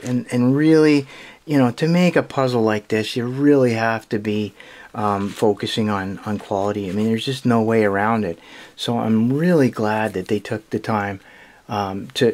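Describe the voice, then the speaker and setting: A man hosting a puzzle channel talks casually through an unboxing at a middling pitch. He stops and restarts often and laughs quietly to himself as he goes. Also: fairly even intonation. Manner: hesitant, halting, full of restarts and small laughs.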